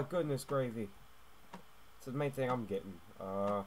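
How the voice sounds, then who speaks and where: A young gaming YouTuber gives let's play commentary on a stealth game in a mid-range, unhurried voice, with a little hiss or hum on the recording. He's excitable, swinging from hushed muttering to loud yelps and yelling, and keeps tacking "mate" onto his lines.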